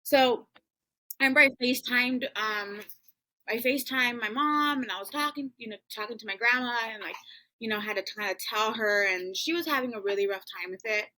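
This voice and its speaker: A woman's voice: fairly high pitch, a little fast, pushed and bright, low-quality recording. A woman hosting a podcast, telling a personal family story in a casual, chatty way full of "um" and "like". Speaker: podcast host.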